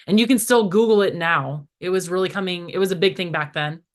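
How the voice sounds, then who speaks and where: Middle-aged female guest, relaxed spiritual talk, lively storyteller. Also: on the low side, a little fast. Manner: animated storytelling, acts out voices in quotes; frequent "like" fillers. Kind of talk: casual spiritual chat.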